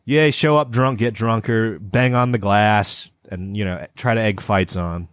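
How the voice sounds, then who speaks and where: Low-voiced rambling man, dry close mic. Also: unhurried, clean tone, no room sound. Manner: rambling, stumbling restarts, swears. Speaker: podcast co-host. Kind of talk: casual chat.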